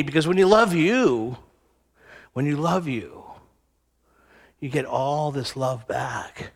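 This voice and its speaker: A man's voice: on the high side, expressive, slow pace, vocal fry, fairly bright tone, long reverb tail. Man giving a chatty sermon. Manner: conversational storytelling, acts out voices. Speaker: speaker at a spiritual center. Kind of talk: personal sermon talk.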